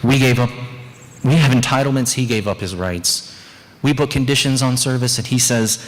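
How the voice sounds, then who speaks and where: A man preaching a sermon as pastor of a small church, earnest and candid with joking asides. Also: moderate pace. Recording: long church reverb, faint rumble.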